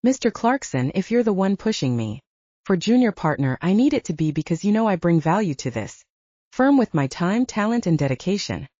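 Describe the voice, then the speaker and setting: A woman voicing a proud, ambitious young woman lawyer who speaks in a crisp, assertive courtroom manner, in a slightly muffled lo-fi recording. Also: fairly low pitch, very animated, a little fast, warm tone, no echo. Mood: firm.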